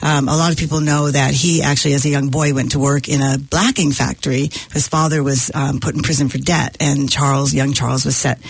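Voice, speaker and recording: Casting: husky, slightly high man, hesitant book-chat guest, dry close mic. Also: level tone, fairly quick, hardly any pauses, no room sound. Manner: hesitant, many ums, laughs often. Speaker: guest reading from a novel. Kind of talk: casual literary chat.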